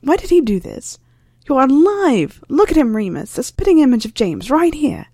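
Woman doing a worked-up wizard guy, higher and louder, all emotional. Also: big pitch swings, normal speed, no echo, studio quality. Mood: overwrought. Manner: raised, overwrought. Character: worn, emotional grown wizard, impulsive and intense.

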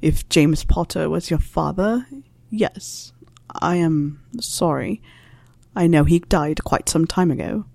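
A dry, stern older male professor, put on by a woman narrator in a storybook reading. He speaks low and deliberately, each word clipped and measured. The sound is mellow and close, with no room around it. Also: creaky, dry recording, heavily acted.

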